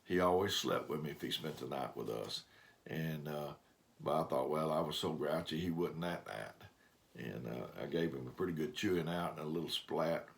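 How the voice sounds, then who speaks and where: A man's voice: very deep voice, animated, normal speed, gravelly. An older man giving a folksy devotional talk, telling homespun stories in a rambling way. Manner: rambling storyteller, homespun grammar. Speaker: preacher.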